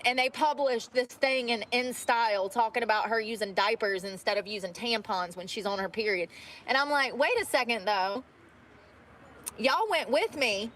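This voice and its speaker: A woman's voice: on the high side, a bit bright, a little hiss or hum. A woman vlogging casually from her car, chatty and blunt, swearing freely. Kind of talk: casual chat while driving.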